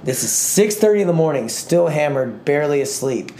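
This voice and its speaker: A young man co-hosting a podcast, telling a long profane story in a rambling, animated way. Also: a little high, brisk, a little hiss or hum. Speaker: podcast co-host. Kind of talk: casual storytelling chat.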